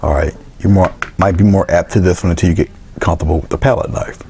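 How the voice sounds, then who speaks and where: A man with a low, gravelly voice walks through a painting demonstration in a relaxed, step-by-step way. He drifts into soft asides while he works at the easel. A faint hiss sits under the indoor studio recording. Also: quick pace. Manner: relaxed, talks through each step, trails into quiet asides. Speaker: painting instructor.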